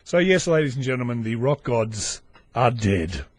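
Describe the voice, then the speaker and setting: An Australian man hosting a casual solo podcast, sardonic and sweary, with lively asides. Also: medium pitch, moderate pace, dry recording. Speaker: podcast host.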